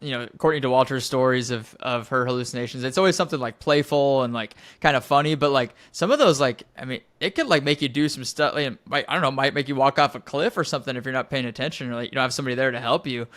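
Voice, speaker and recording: A man's voice: mid-range voice, quick pace, hardly any pauses, a bit bright. A man hosting a podcast, chatting casually with his guest and reacting with short amazed remarks. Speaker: podcast host. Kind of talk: casual interview chat.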